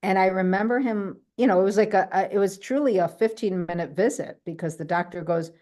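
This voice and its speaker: A woman telling a personal story on a video call, animated, often checking in with "right?" and acting out what others said. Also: mid-range voice, brisk. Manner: acts out other people's quoted lines. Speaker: guest speaker. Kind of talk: personal story in an online talk.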